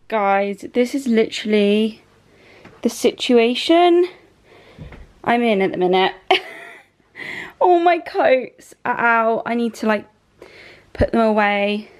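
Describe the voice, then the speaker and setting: Young English woman vlogger, slightly higher voice, relaxed rambling delivery full of fillers. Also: slow, long pauses. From England. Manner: chatty, rambling with many ums and likes. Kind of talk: casual chat to camera.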